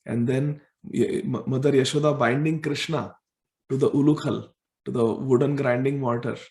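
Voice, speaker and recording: Gravelly man telling scripture stories. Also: mid-range voice, normal speed. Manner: animated storytelling, chants verses. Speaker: scripture class speaker. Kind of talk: devotional scripture storytelling lecture. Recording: roomy echo.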